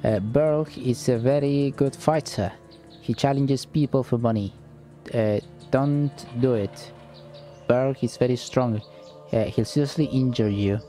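Brief: man playing a slurring drunk tavern regular, slow and halting, dark voice. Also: mid-range voice, soft background music, lightly acted. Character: drunk, beaten-up tavern man giving warnings.

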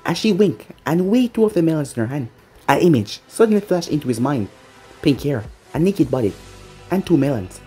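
Lively, expressive fan-fiction storyteller. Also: mid-range voice, brisk, breathy edge, faint music behind. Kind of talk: read-aloud fan-fiction narration.

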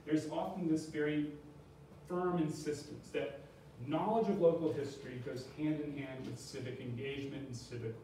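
A man delivers a museum lecture, posing questions and then answering them himself. His voice sits a little higher than most men's. It is recorded from a distance in a strongly echoing room, with a faint hiss underneath. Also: mellow. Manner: explanatory, asks and answers his own questions. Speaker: history professor giving a public talk. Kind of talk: lecture with slides. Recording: very echoey room, distant mic, faint noise.

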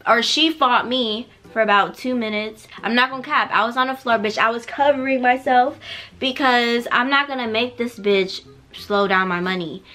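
Bright-voiced young woman telling a story. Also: fairly high pitch, moderate pace. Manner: blunt, animated storytelling with slang and profanity; drops to a quieter voice so neighbors won't hear. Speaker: vlogger. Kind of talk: casual storytime. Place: home at night.

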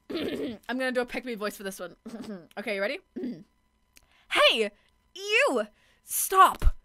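A young woman streaming a video game, excitable and loud, who swears often and keeps squealing and exclaiming. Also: a little high, moderate pace. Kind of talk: live gaming stream commentary.

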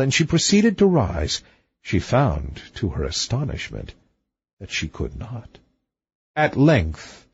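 A man reading a fairy tale aloud as an audiobook, expressive, swinging between high and low. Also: husky, no room sound. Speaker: audiobook reader. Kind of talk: scripted storybook narration. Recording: dull dry lo-fi recording.

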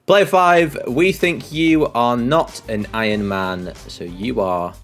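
A man's voice: medium pitch, slow, soft background music. A man co-hosting a casual quiz show, teasing and swearing in disbelief. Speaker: co-host. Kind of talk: casual game-show banter.

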